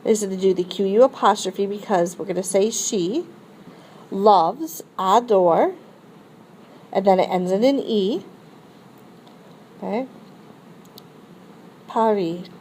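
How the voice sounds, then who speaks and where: A woman's voice: mid-range voice, moderate pace, dark tone, slight background noise, poor audio. A woman teacher explaining a French grammar lesson step by step and modeling phrases for students to repeat. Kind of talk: recorded classroom lesson.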